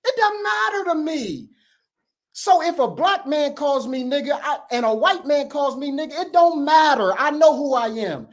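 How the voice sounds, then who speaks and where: A man's voice: very high voice, lively intonation, normal speed. A man hosting a heated debate, insistent and emphatic, repeating his points and talking over the other speaker. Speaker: show host.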